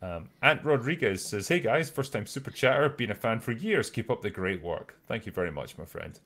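Low-voiced man reading viewer messages. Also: fairly quick. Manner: relaxed, hesitant with many fillers. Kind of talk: casual chat.

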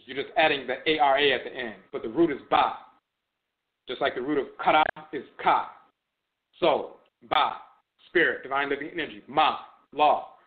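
A man's voice: medium pitch, normal speed. A man giving a spoken lecture on religion, repeating key terms for emphasis as he explains words. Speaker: teacher of religion and language. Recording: tinny phone-like audio.

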